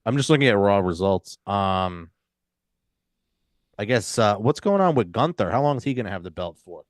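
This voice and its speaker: A man's voice: on the low side, expressive, normal speed, no echo, studio quality. A man co-hosting a podcast, chatting casually about wrestling in a laid-back way and swearing freely. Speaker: podcast co-host.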